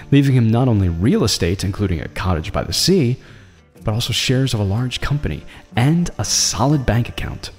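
A man narrating a drama story in a measured, dramatic way. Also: mid-range voice. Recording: long reverb with soft music.

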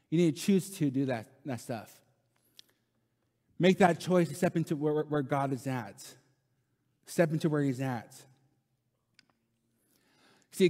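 In a church sanctuary with a big-room sound, a pastor in his thirties preaches in a slightly high, mellow voice. His sermon is casual and conversational, and he often tags on "right?" and repeats lines for emphasis.

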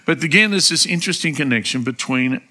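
An Australian man preaching a sermon in a church, emphatic and rising to loud exclamations, acting out quoted prayers. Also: a little high, expressive, fast. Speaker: pastor. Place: church service.

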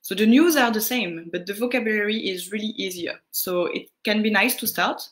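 A woman with a French accent giving casual French lessons, answering viewer questions with frequent pauses and fillers. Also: medium pitch. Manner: unhurried, answering viewer questions, greets chatters; hesitant, many fillers. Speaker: French tutor on a live stream.

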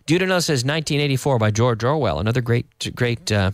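A man's voice: mid-range voice, animated, a little fast, no room sound, studio quality. A man teaching an English lesson on the radio, explaining phrases at an easy pace, dropping in Spanish glosses and answering listener questions.

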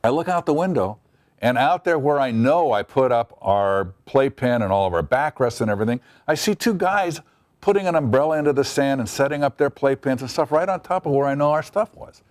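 A man's voice: mid-range voice, expressive, a little fast, dry recording, studio quality. A middle-aged man telling a wry story from his past in an interview, acting out the quotes. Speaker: TV writer recalling a story. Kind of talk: interview anecdote.

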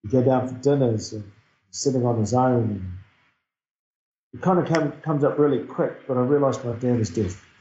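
A man's voice: medium pitch, normal speed, mellow, slight background noise. A middle-aged man from New Zealand with a New Zealand accent, telling a personal story in an earnest, reflective way during an interview. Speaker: guest speaker. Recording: dull, echoey recording.

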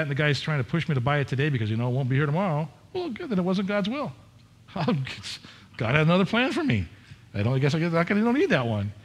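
Conversational middle-aged male pastor preaching. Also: fairly high pitch. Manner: candid, conversational preaching with repetitions and restarts. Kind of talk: sermon.

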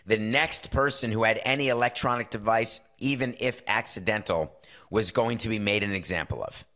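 A middle-aged sports podcast host talks in a lowish, bright voice with a forceful tone. His casual monologue is full of opinions, with quick asides where he performs little lines of dialogue.

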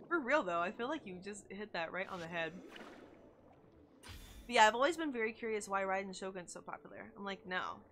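A woman's voice: mid-range voice, animated, a little fast, a bit bright, slight background noise. A young woman chatting casually and gushing while she streams a video game, with lots of likes and oh my gods. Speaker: gaming streamer. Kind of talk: casual live-stream chat while playing.

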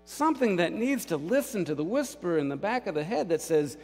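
A man's voice: sits high, very animated, a little fast, a little mellow, a little hiss or hum. A male pastor giving a sermon in a church, telling the story dramatically and acting out the voices. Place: church sanctuary. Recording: long church reverb, faint music.

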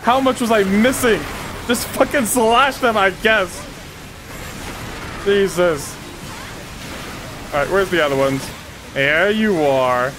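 A woman commentating her gameplay casually, excitable, swearing and trash-talking enemies. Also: mid-range voice, takes it slowly, pauses often, music in the background. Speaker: gaming streamer.

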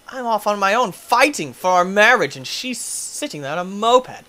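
A young man hosting a gaming video, giving excitable play-by-play commentary, often yelping, screaming at in-game injuries and laughing. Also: high voice, normal speed, hardly any pauses. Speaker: gaming channel host.

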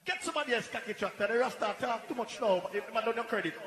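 A man with a Jamaican accent working as a sound system MC at a live dance, shouting and chanting hype calls to the crowd. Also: very high-pitched, very fast. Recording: echoey hall with loud music.

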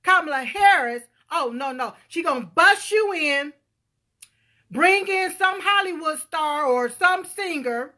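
A woman giving a loud, emphatic political rant to her viewers, calling out to them often. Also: high-pitched. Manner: loud, emphatic, calls out to viewers, punctuates with "huh?". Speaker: political vlogger.

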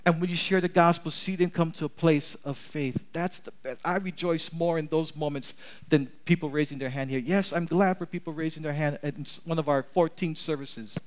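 A man's voice: a little high, steady tone, moderate pace. A man preaching a sermon in a large church, calling for amens from the congregation and reading scripture aloud. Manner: preaching with rising intensity, asks for amens. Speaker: pastor.

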